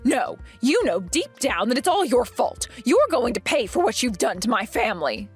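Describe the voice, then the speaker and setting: A woman voicing a domineering older mother-in-law who scolds in a shrill, self-righteous way. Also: very animated, normal speed, soft background music. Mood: furious. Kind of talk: animated story voice acting.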